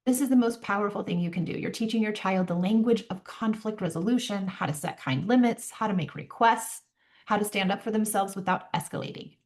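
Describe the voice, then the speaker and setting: A middle-aged woman coaching parents in an earnest way, acting out calm lines for them to say to their children. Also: mid-range voice, a little fast. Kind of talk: parenting advice talk.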